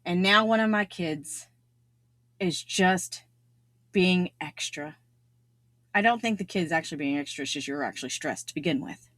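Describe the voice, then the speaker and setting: A woman's voice: fairly low pitch, expressive, normal speed, pauses often, fairly bright tone, no echo. A middle-aged woman hosting a solo self-improvement podcast, talking earnestly and repeating key phrases for emphasis. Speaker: podcast host.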